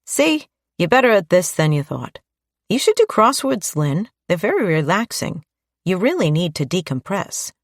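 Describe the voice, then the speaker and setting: A woman's voice: on the low side, big pitch swings, normal speed, no echo, studio quality, pitched above the performer's own voice. A woman voicing a chatty, talkative female detective in an audiobook. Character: chatty female detective who loves puzzles.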